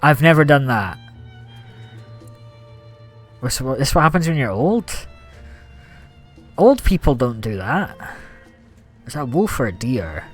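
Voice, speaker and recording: Young male streamer, lively casual chat, soft music under. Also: medium pitch, measured pace, long pauses, husky. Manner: chatty, reads out gift thanks, animated. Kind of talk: casual gaming livestream chat.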